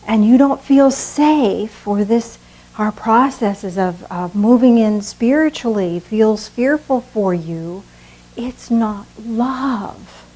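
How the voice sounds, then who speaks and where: Slow, earnest woman preaching. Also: a little high, a little mellow, rough recording. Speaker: pastor. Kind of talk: sermon.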